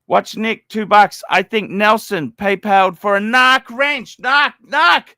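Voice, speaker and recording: A man hosting a watch livestream, rambling and cursing, repeating himself and swinging between loud outbursts and low mumbles. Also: slow, no echo. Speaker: livestream host.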